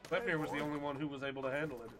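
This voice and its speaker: A man's voice: a little high, steady tone, rapid-fire, over music. A man chatting and joking casually while playing a video game. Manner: chatty, joking, talks to horse. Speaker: gamer.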